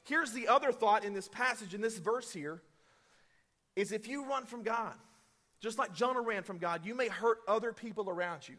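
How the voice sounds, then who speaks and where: A man preaching a sermon, reading scripture and speaking with energetic, conversational asides. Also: high-pitched, normal speed, big-room sound. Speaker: pastor.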